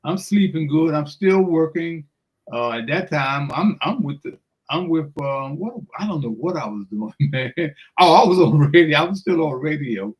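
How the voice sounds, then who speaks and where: An older man telling a lively story on the radio. He acts out the voices as he goes, laughs often, and keeps calling the listener "man". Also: on the high side, moderate pace, poor audio. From Washington DC area. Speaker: guest storyteller. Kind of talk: animated anecdote on radio.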